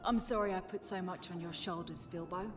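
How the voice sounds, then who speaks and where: Woman voicing a guilty creature explorer lady, dramatic and earnest, reverby, soft music behind. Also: on the low side, steady tone, a little fast, natural voice. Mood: remorseful. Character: guilt-ridden female creature explorer, self-sacrificing. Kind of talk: video game voice acting. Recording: long hall reverb, faint music.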